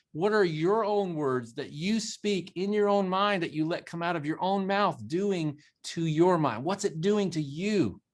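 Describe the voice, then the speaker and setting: Brief: man with a raised voice, preachy motivational co-host, drives points home through repetition. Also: on the high side. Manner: emphatic, preachy, quotes scripture; repeats phrases for emphasis. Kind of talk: motivational talk show.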